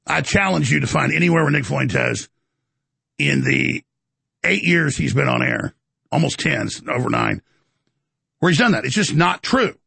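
Raspy tense guy ranting on his talk show, bright edgy voice. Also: fairly high pitch, very animated, moderate pace, pauses often, dry recording. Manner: emphatic, indignant. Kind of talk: political commentary.

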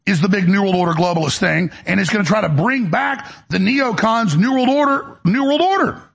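A man hosting a talk show, delivering a heated political commentary monologue in a ranting style with stammering restarts and a raspy, gravelly voice. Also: high voice, brisk, a bit bright, highs cut off.

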